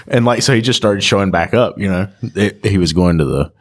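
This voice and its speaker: A man's voice: deep voice, brisk. A man, a podcast co-host and shop owner, telling stories in casual chat and acting out customers' voices.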